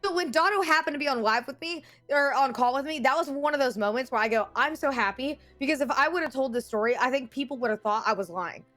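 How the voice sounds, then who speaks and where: A woman in casual stream chat, telling a story in an animated way and laughing often. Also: sits high, fast talker, few pauses, faint music behind. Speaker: streamer guest.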